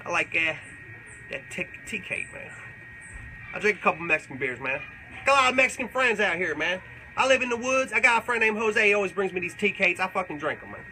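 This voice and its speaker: A man's voice: high voice, animated, a little fast, pushed and bright, a little hiss or hum, heavily acted, low-quality recording. A man playing a crude, boastful redneck character who rambles through tall tales and swears constantly during a comedic livestream Q&A. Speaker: comedic character answering fan questions.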